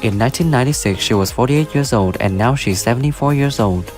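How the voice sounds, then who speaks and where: A man narrating a video in a flat, list-like scripted read. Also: mid-range voice, fast, faint music behind. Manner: flat, list-like reading of names and ages. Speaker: narrator of a cast then-and-now video.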